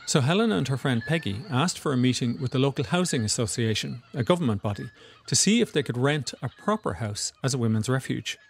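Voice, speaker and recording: Gravelly male documentary narrator. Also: medium pitch, expressive, a little fast. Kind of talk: scripted narration.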